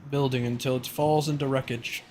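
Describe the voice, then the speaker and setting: A man's voice: medium pitch, steady tone, a little fast, a little mellow, soft background music, close to an everyday voice. A man voicing a weary old male estate owner who grumbles and confides. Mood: confiding.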